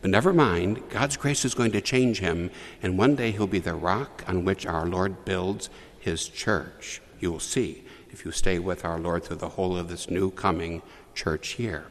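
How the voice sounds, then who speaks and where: A man preaching a homily to children in a church, telling the story with lively asides to the young listeners. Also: sits low, a little slow, big-room sound. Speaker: priest.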